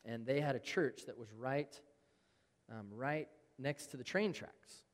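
A man's voice: mid-range voice, a little slow, in a large hall. A man preaching a sermon in an earnest, conversational way, reading scripture aloud to his congregation. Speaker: pastor.

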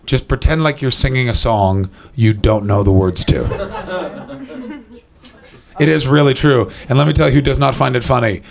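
A male stand-up comedian with a gravelly, creaky voice works the crowd on a club stage. His delivery is wry and teasing, with casual swearing, close on a handheld mic. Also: medium pitch, normal speed, pauses often. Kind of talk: improvised stand-up with crowd work.

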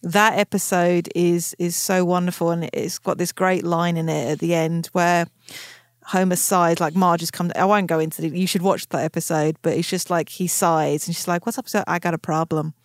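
A woman's voice: on the low side, level tone, moderate pace, no room sound, studio quality. A woman co-hosting a podcast in casual chat, talking with enthusiastic, gushing energy and quoting favourite lines aloud. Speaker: podcast co-host.

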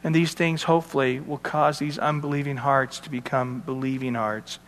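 In a large hall, a man's medium-pitched, steady voice carries a fairly bright tone at a moderate pace. He's a pastor giving expository Bible teaching, reading verses aloud and explaining them casually with asides to those listening.

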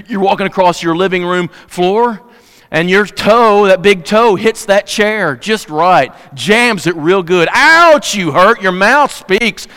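Impassioned preacher in a reverberant hall. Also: male voice, clean tone. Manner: passionate, swings between loud emphatic peaks and hushed lows. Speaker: pastor. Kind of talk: sermon. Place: church sanctuary.

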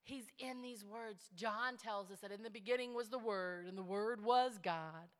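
A woman pastor preaching a sermon in a large church. She swings from hushed, intimate asides to rising, building exhortation. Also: mid-range voice, normal speed. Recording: long church hall reverb.

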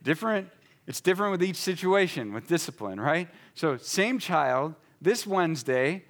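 A man's voice: fairly high pitch, lively intonation, normal speed, fairly bright tone. Man preaching a conversational sermon. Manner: storytelling, conversational, reenacts dialogue with his son. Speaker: pastor.

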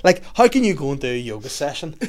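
A young adult man with a Northern Irish accent, co-hosting a podcast and telling stories in animated casual chat, swearing freely. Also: a little high, fast. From Northern Ireland. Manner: animated storyteller, swears freely, acts out others' lines. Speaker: podcast co-host.

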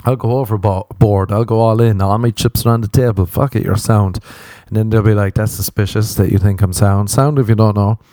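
Brisk and with few pauses, an Irish man in his thirties hosts his podcast with a sweary, self-mocking, rambling comic monologue. His voice is fairly low, steady, and mellow, recorded at studio quality with no room sound.

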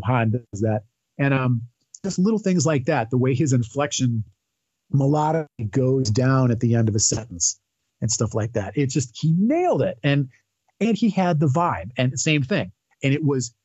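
A man's voice: medium pitch, darkish tone, no echo. Man, podcast guest, rambling fan talk, lo-fi dry recording. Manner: rambling, enthusiastic, many fillers and restarts. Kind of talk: casual chat.

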